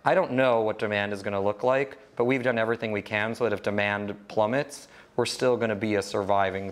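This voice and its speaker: A man in his thirties giving an informal, candid talk about startups, rambling with many restarts. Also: fairly low pitch. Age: 30s. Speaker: guest speaker, entrepreneur.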